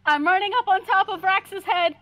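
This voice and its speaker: A woman voicing a tiny, cheeky pet creature in a squeaky, excited voice. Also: normal speed.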